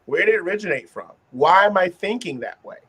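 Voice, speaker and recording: A man hosting a casual group discussion, talking earnestly about self-reflection and turning animated when he acts out examples. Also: high-pitched, brisk, slightly rough. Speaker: host.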